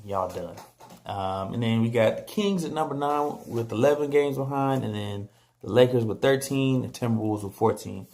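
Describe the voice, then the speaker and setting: A man talking casually about basketball standings on his vlog, animated and joking, trash-talking teams and players. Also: medium pitch, normal speed. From San Antonio, Texas. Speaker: vlogger.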